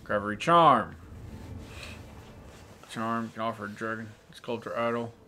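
A man co-hosting a let's play, chatting casually and reading game menus aloud in a relaxed mutter. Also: lowish voice, unhurried. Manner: laid-back, muttering menu text aloud. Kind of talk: casual gameplay chat.

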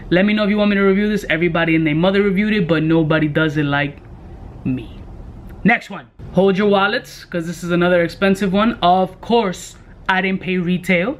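A young man casually reviewing fragrances in a brash, joking way, full of profane street slang. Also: high voice. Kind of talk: casual product review vlog.

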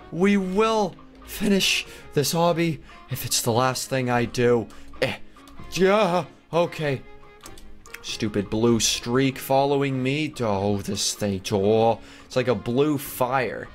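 A young man hosting a gameplay channel, talking through an obstacle course in excited casual commentary that jumps into high squeals when something surprises him. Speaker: gaming channel host. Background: faint background music.

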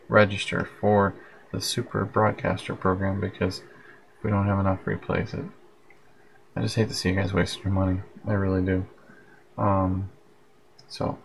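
A man's voice: fairly low pitch, little pitch movement, normal speed, gravelly, pauses often, slight background noise, rough recording. A man hosting a late-night live broadcast, chatting in a rambling, friendly way and sounding tired. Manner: rambling, friendly, reads out viewer comments. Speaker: livestream host. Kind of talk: casual live broadcast chat. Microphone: headphones with plug-in mic.

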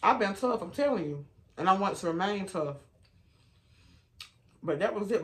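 Woman mukbang vlogger, casual storyteller, chatty and animated, midrange voice, keeps calling viewers honey and baby. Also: moderate pace, pauses often. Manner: animated, with sudden rises in pitch and loudness. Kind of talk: casual storytime while eating.

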